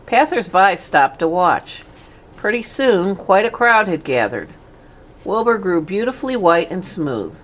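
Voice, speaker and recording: A woman narrating a children's storybook in a gentle, even manner. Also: fairly low pitch, unhurried. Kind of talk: storybook reading aloud.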